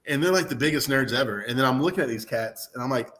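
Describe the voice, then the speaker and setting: A man's voice: mid-range voice, fast talker, few pauses. A man in his thirties chatting casually on sports radio, telling jokey stories as a football fan. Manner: joking, animated storyteller. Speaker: guest, Clemson fan.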